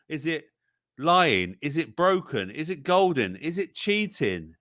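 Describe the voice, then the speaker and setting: A man's voice: fairly high pitch, sing-song, measured pace, fairly bright tone, no room sound, studio quality. A man hosting a livestream song quiz in a jokey, casual way, reading out the chat's answers. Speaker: livestream show host.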